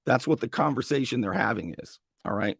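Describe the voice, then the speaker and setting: A male talk radio host with a strained, gravelly voice, giving an opinionated monologue and acting out mock dialogue. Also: brisk, no room sound, clean studio sound. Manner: animated, acts out mock dialogue with sudden high-pitched bursts. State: strained voice after a long day.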